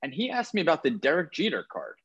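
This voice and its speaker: A man's voice: a little high, fast, slightly rough, dull audio. A man co-hosting a podcast, chatting enthusiastically about sports cards and correcting himself as he goes. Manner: enthusiastic, lively, self-correcting. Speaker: podcast co-host. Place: on a trip, away from home.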